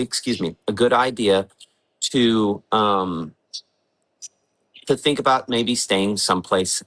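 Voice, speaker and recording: A man's voice: fairly low pitch, a bit bright, rough recording. A man hosting a live severe weather briefing at home in the early morning, talking casually and thinking aloud with fillers while he works the maps. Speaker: weather forecaster hosting a livestream.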